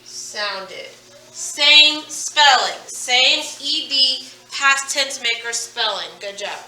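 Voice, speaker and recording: Female teacher, patient phonics drill; high, bright voice, recorded from a distance. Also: a little hiss or hum. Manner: patient, drills words slowly and asks questions. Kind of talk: phonics lesson. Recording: echoey room, away from the mic.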